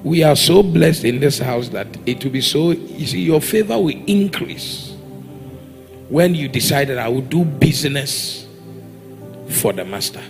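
A man's voice: a little high, expressive, unhurried, vocal fry, soft background music. A man with a Ghanaian accent preaching a sermon in a church, exhorting the congregation and demanding they answer back. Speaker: pastor.

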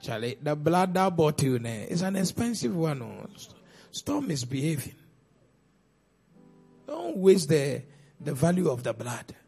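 A man preaching a sermon as pastor, with pointed rhetorical questions and sudden loud outbursts. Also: a little high, big pitch swings, unhurried, gravelly, pauses often, breathy edge, soft background music.

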